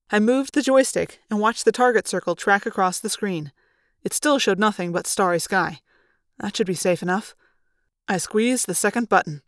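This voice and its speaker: A woman narrating a novel in first person with a plain, even telling. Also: medium pitch, normal speed, dry recording, clean studio sound. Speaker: audiobook narrator. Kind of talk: storybook narration.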